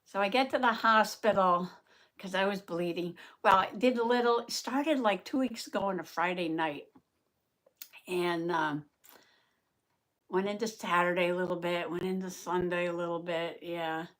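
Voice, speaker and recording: A woman hosting a casual live-stream chat, short of voice and out of breath, chatty and quick to laugh as she greets viewers by name. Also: fairly low pitch, a bit bright.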